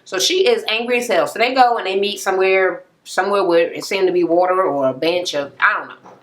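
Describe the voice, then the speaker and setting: A young woman recapping a reality TV episode in a casual, profane rant. She acts out the people she quotes with sudden jumps in pitch, uses many fillers and laughs at the scenes. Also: a little fast. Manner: animated retelling, acting out quoted people with sharp pitch jumps.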